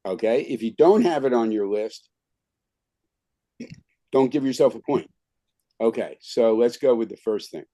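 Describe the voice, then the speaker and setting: A man's voice: mid-range voice, expressive, unhurried, pauses often, dark tone, no echo. A man teaching an online skills class over a video call, talking informally and filling his speech with "okay" and "right". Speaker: skills trainer.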